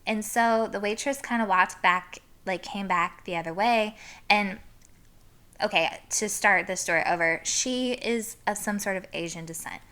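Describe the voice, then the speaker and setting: A woman's voice: mid-range voice, moderate pace, sharp tone. A young woman vlogger telling a story in a casual, chatty way, full of fillers like "like" and "um". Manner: chatty, lots of fillers, laughs through story.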